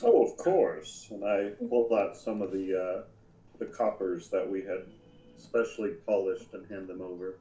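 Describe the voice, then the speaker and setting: A man's voice: low-pitched, moderate pace, dark tone, rough recording. A man playing a tabletop game, talking casually and a bit hesitantly. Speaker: player.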